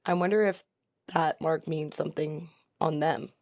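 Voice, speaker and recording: Co-host, woman, casual and chatty, quick to react out loud. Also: sits low, fairly even intonation. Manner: chatty, exclamatory. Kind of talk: casual chat.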